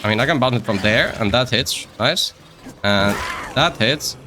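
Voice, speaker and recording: Male streamer, bright and tense voice, easygoing rambling play-by-play with jokes. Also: mid-range voice, animated, moderate pace, slight background noise. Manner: rambling, joking, talks to himself and other players. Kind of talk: casual live-stream gameplay commentary.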